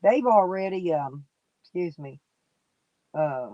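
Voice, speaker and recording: A woman's voice: on the low side, lively intonation, slow pace, dark tone, dry recording, highs cut off. A woman, sniffly and coughing, chatting casually and folksily with viewers on a live stream. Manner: folksy, rambling, talks straight to chat by name.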